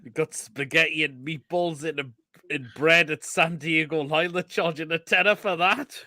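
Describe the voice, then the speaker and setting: A man with an English accent hosting a casual live stream, reading out viewer comments, swearing freely and laughing loudly. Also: fairly high pitch, normal speed. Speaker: show host.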